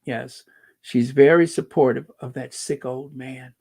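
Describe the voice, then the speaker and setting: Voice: medium pitch, steady tone, a little slow, gravelly, dark tone, husky. A channel host giving casual commentary and reading out viewer comments, drawling and sarcastic with playful wordplay asides.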